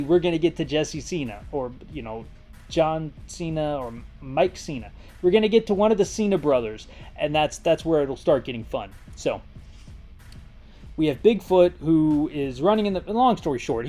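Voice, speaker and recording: A man's voice: fairly high pitch, darkish tone. A man hosting a comedic movie recap, rambling through the plot with jokey asides and restarts. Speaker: host.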